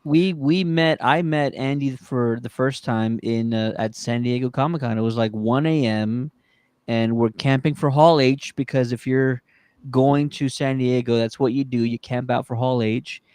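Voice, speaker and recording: A man's voice: mid-range voice, normal speed, a little mellow, clean tone, no room sound. A man hosting a podcast in casual chat, upbeat and promotional, with frequent restarts. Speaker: podcast host.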